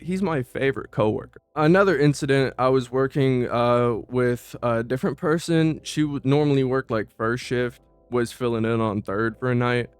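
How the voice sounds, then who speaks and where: Dude ranting thru work stories, lots of cussing n slang, mid voice, faint music behind. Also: male voice, mid-range voice, moderate pace, hardly any pauses, clean tone, no room sound. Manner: profane, slangy, animated, stammers on restarts. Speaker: vlogger recounting old job. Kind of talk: casual storytelling. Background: faint background music.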